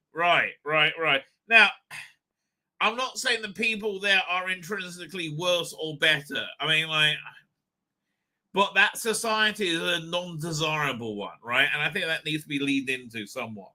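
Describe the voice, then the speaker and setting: A man giving a live reaction review in a very bright, forceful voice that sits a little high. He rambles and restarts, swears freely, and flares into loud outbursts. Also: moderate pace. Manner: rambling, profane, stop-start with sudden loud outbursts. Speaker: show host and reviewer.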